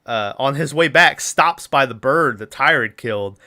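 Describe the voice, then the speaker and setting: A man's voice: medium pitch, lively intonation, moderate pace, bright, forceful tone. A man co-hosting a podcast, casually recapping a film's plot in a rambling way, laughing often and acting out lines. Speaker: podcast co-host.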